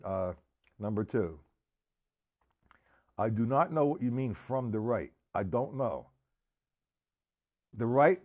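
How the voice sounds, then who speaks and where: A man's voice: mid-range voice, darkish tone. A man teaching a live-streamed drum lesson, counting beats aloud and asking viewers to respond.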